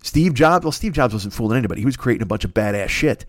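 A man's voice: mid-range voice, quick pace, no echo, clean studio sound. A man hosting a solo podcast, ranting in a rambling, profane, comedic monologue. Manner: profane, rambling, excitable rant. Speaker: podcast host.

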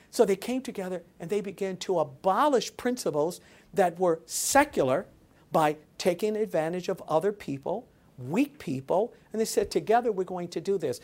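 A woman's voice: mid-range voice, darkish tone. A woman speaking as an interview guest, with an emphatic, preacher-like delivery. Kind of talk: animated interview talk.

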